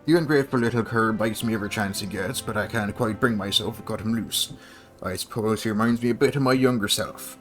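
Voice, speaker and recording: A man's voice: lowish voice, brisk, fairly bright tone, soft background music, close to an everyday voice. A man doing a grizzled, accented village elder. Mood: wistful. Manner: put-on old-fashioned accent, dramatic reading.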